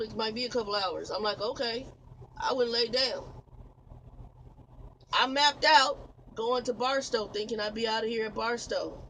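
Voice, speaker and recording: In a very high-pitched, pushed and bright voice, a truck driver vlogs casually from his cab, telling the camera facing him a long, rambling, exasperated story and laughing occasionally. The recording is low quality, with slight background noise.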